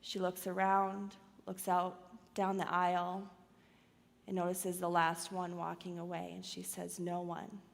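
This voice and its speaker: Slow-speaking woman pastor. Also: on the low side, monotone, gravelly, long reverb tail. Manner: dramatic retelling, swings from loud to hushed. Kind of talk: sermon storytelling. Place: church auditorium.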